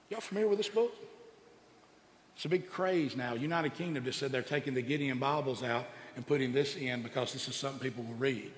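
A man preaching an impassioned sermon, emphatic and full of rhetorical questions that build to loud exclamations. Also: on the high side, moderate pace, a little hiss or hum. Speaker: preacher and radio show host. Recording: echoey hall with long reverb.

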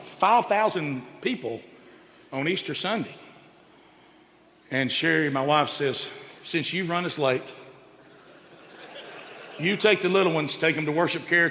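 A middle-aged man telling a comic story on stage, animated and jumping into quoted voices. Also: big-room sound, a little hiss or hum. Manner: animated, acts out quoted voices with big pitch jumps. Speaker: stand-up comedian. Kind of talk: stand-up storytelling.

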